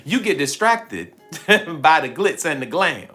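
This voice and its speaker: Soft music plays behind a man hosting a spiritual livestream, his voice fairly high, very animated and unhurried, with a pushed, bright quality. He chats playfully with viewers, laughs often and acts out the voices he quotes.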